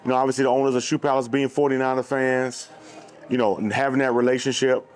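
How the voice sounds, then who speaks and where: A man's voice: mid-range voice, level tone, quick pace, smooth. A man telling a business story in casual dinner conversation at a restaurant table, loose and full of fillers. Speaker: brand co-founder.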